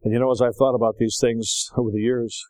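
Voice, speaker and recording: An older man preaching in a folksy, animated storytelling manner, acting out voices now and then. His voice sits at an ordinary pitch for a man. The sound is dry and close, with almost no room around it. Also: quick pace, no room sound, rough recording. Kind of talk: sermon.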